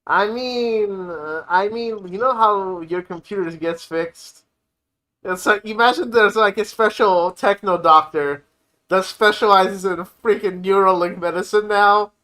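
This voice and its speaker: A man's voice: sits high, unhurried, pushed and bright, clear, resonant tone. A man co-hosting a live stream, chatting casually and chiming in with jokey quips. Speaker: stream co-host.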